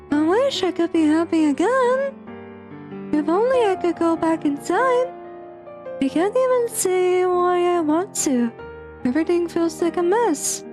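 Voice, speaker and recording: A woman voicing a despairing teenage girl from a visual novel, soft and slow, breaking into cries. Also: very high-pitched, pitched above the performer's own voice. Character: despairing teenage girl, tearful and self-doubting. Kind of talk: reading a visual novel aloud.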